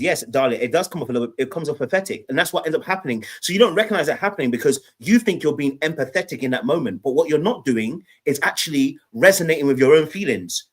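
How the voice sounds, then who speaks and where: A man comments on a dating show as a podcast co-host. He talks in an animated way and mocks what people say in put-on voices. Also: a little high.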